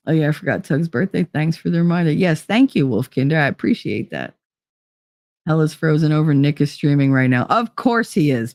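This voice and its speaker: A woman's voice: on the low side, a little mellow, no echo, clean studio sound. Chatty, blunt woman hosting a livestream. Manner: chatty, blunt and swearing, laughs easily. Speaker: livestream talk show host. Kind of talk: casual chat reading viewer comments.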